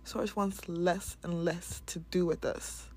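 A woman's voice: on the low side, fairly even intonation, takes it slowly. A woman hosting a casual spiritual talk, speaking candidly and bluntly, swearing and laughing often. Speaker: spiritual podcast host.

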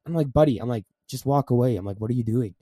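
A man's voice: medium pitch, fast, dark tone, no echo, studio quality. A young man in a casual podcast chat, telling laid-back anecdotes with plenty of swearing.

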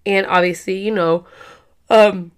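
Hoarse, rambling young woman host. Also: medium pitch, steady tone, a little slow. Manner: rambling, chatty, many fillers. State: hoarse, clearing her throat. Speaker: podcast host. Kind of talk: casual chat.

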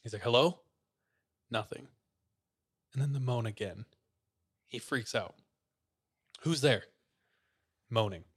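A man's voice: lowish voice, moderate pace, long pauses, husky. A man casually retelling a creepy story, full of fillers. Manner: relaxed storyteller, many "like" fillers.

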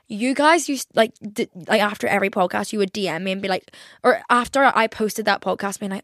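Medium-pitched and a bit bright, a twenty-something woman's voice is captured dry and in studio quality. Hosting her podcast solo, she rambles casually, full of filler words and easygoing profanity.

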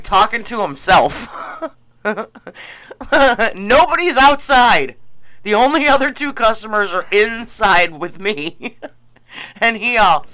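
Brief: man, bright crisp voice, animated storyteller who laughs a lot. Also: high voice, no room sound. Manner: animated storyteller, laughs often, acts out quotes. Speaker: gas station clerk. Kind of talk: casual chat, storytelling.

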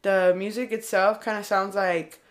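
A woman's voice: medium pitch, moderate pace. Young Californian woman, rambling casual chat. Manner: rambling, heavy use of "like", animated storytelling.

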